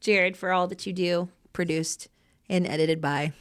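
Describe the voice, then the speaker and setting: A woman co-hosting a casual local podcast, playful and quick to laugh. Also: fairly low pitch, steady tone, smooth, no echo, studio quality. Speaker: podcast co-host.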